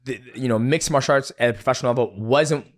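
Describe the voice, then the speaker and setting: A man's voice: mid-range voice, quick pace. Chill podcast host guy, casual, says yep a lot, swears a bit. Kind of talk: casual interview chat.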